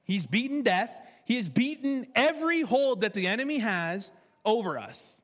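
A man's voice: very high voice, big pitch swings, moderate pace. A man preaching a sermon in a church in a casual, conversational way, repeating himself for emphasis. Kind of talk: sermon with storytelling. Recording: reverberant hall with faint music.

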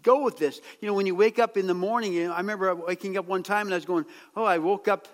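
A middle-aged man preaching a sermon, chatty and joking, then rising to a shout as he urges people on. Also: sits high, steady tone, racing. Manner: conversational preaching that swings to shouted exhortation. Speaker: pastor. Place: church hall. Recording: long church-hall reverb.

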